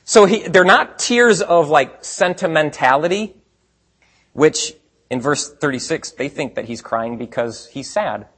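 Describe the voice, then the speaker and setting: A man preaching a sermon in a conversational way, asking rhetorical questions and swinging between quiet asides and emphatic points. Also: on the high side, lively intonation, unhurried, slightly rough. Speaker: pastor.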